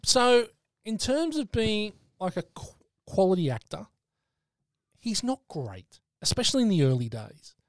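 A man's voice: high voice, sing-song, unhurried, no room sound, clean studio sound. A man co-hosting a casual film podcast, jokey and opinionated. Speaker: podcast co-host.

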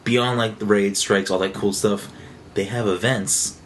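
Male podcast co-host, very low voice, rambling and excitable, faint background hiss. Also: a little slow. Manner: rambling, excitable, many fillers and restarts. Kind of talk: casual chat.

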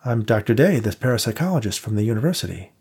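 Brisk, dry-witted female professor, low and gravelly, voiced by a male narrator. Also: big pitch swings, a little mellow, full character voice.

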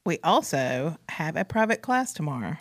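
A woman's voice: sits low, big pitch swings, moderate pace, no echo. A woman, co-hosting a casual chat and prompting with short questions. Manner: asks short questions, prompts the other host. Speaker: co-host.

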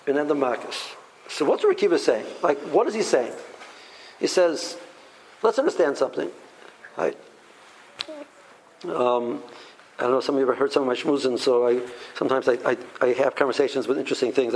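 A man teaching a Torah class in an animated way, full of rhetorical questions and restarts. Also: mid-range voice, slight background noise, low-quality recording.

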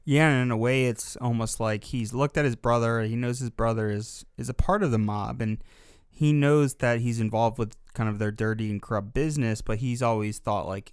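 A man's voice: medium pitch, fairly quick, smooth, no room sound, clean studio sound. A man co-hosting a podcast, giving his casual, thoughtful take on a film and filling his sentences with "like". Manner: relaxed and thoughtful, leans heavily on "like". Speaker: podcast co-host discussing a film. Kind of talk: casual film analysis chat.

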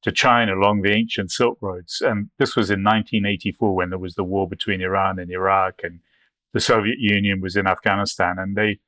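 A man's voice: sits low, little pitch movement, fairly quick, pushed and bright, no echo. A man answering interview questions with long, rambling anecdotes full of restarts. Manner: anecdotal, with frequent restarts and acted quotes. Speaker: guest, photographer.

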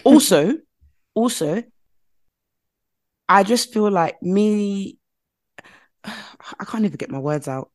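A woman's voice: mid-range voice, slow pace, long pauses. A British woman chatting casually on a podcast, telling stories animatedly and acting out what others said. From Britain. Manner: animated storytelling with quoted voices. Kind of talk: casual chat.

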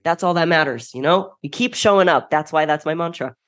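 A woman's voice: sits low, brisk, fairly bright tone, no echo. Woman, young adult, candid, filler-heavy, emphatic, dry room. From United States. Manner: emphatic, heartfelt, lots of filler words. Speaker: podcast guest. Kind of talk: candid interview talk.

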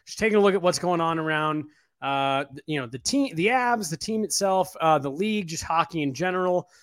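A man's voice: a little high, expressive, a little fast. A man co-hosting a casual sports podcast, talking in a rambling way with a numb mouth after dental work. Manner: rambling, many fillers and restarts, casual swearing. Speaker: podcast co-host and writer.

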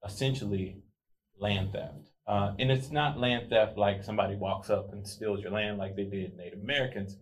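A man co-hosting a podcast, chatting casually and explaining topics in a relaxed way. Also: fairly low pitch, moderate pace, poor audio. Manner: relaxed, explanatory, light laughter. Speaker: podcast co-host. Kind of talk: casual chat.

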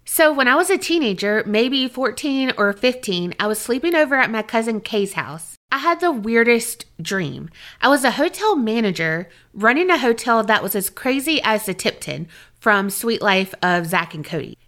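Bright, excitable woman podcast host. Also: fairly high pitch, normal speed. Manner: exclaims and reacts emphatically, swears casually. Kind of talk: casual chat, reading listener stories.

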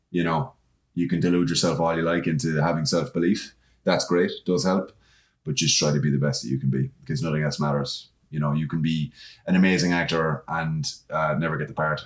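A man's voice: extremely low pitch, echoey room. An Irish man, a podcast guest who acts, chatting frankly and swearing casually. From Ireland. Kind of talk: casual chat.

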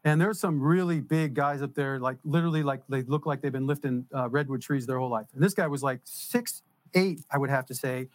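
A man telling a story in casual conversation as a podcast guest, animated and laughing as he goes. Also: mid-range voice, fairly quick.

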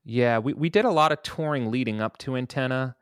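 A musician guest in a casual interview, telling laid-back stories and swearing casually. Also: male voice, mid-range voice, fairly quick, clear, resonant tone, no room sound, clean studio sound.

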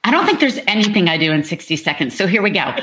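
A woman, an author guest on a podcast, telling how her book began in a quick, laughing way. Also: on the low side, big pitch swings, very noisy. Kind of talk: casual podcast chat.

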